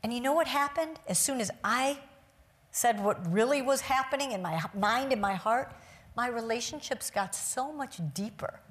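A woman's voice: on the high side, normal speed. A woman giving a talk to a live audience from a stage, telling a personal story in an earnest, reflective way. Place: stage before a seated audience.

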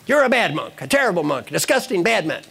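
A man's voice: a little high, expressive, moderate pace, creaky, pitched above the performer's own voice. A man voicing an indignant, rule-bound male monk who scolds his companion in a told story. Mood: scolding. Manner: scolding, accusing.

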